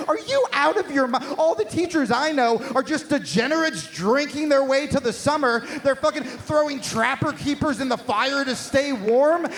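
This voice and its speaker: A man performing a stand-up comedy set on stage, with profane, shouting rants and rapid asides. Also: very high-pitched. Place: live venue on stage.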